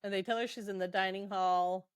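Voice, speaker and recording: This is a woman co-hosting a podcast, casually recapping a book's scenes with loosely quoted lines, lots of ums and laughter. Her mid-range voice is smooth and brisk with fairly even intonation, and the recording is dry and studio quality.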